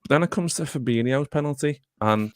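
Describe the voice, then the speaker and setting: A man's voice: mid-range voice, a little fast, clean tone, dry recording. A man hosting a casual football podcast, rambling, swearing freely and talking to his live chat. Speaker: podcast host.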